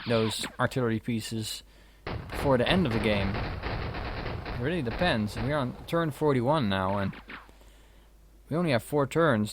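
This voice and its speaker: A man's voice: medium pitch, background noise. A man giving casual, wry commentary while playing a strategy game, swearing now and then. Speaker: let's play host. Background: keyboard and mouse clicks.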